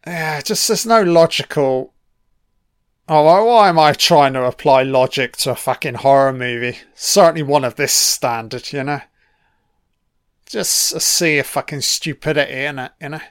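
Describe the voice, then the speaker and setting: A man's voice: fairly high pitch, moderate pace, a bit bright, smooth, no echo, studio quality. A man giving casual, sweary film commentary, sardonic and mocking.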